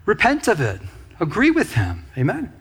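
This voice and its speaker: A man preaching a loose, conversational sermon in a somewhat high, husky voice. He is animated and keeps turning to the congregation with quick asides, as if talking with them rather than at them. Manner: animated, talks straight to the congregation with frequent asides. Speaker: pastor.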